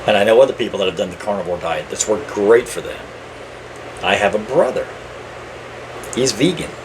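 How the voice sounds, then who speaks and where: A middle-aged man with a fairly low voice, talking in a loose, rambling way on a casual podcast. He gets more lively when he acts out what other people said. A faint air-conditioning hum sits behind him. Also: fairly quick. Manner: rambling storyteller, animated when quoting people. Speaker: podcast co-host. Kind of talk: casual chat.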